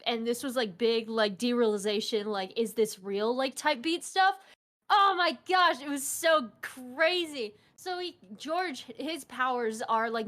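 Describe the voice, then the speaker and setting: A woman's voice: a little high, fairly bright tone. A woman on a voice call giving a casual, rambling recap full of fillers. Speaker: guest on a stream call. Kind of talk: casual chat over a voice call.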